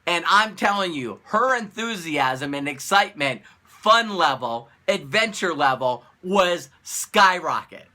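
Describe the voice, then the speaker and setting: A man giving a casual motivational talk to camera as a business coach, animated and repeating phrases and rhetorical questions. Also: fairly high pitch, measured pace, hardly any pauses.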